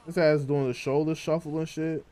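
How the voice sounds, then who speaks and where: High-voiced man hyping his own gameplay. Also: moderate pace, slight background noise. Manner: excitable trash talk with loud repeated chants. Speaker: streamer. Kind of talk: live gameplay commentary.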